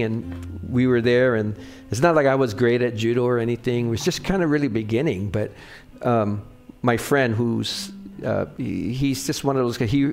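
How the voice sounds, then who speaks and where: A man's voice: mid-range voice, vocal fry. A middle-aged man preaching a sermon with personal stories, talking conversationally and often checking in with the congregation. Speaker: pastor.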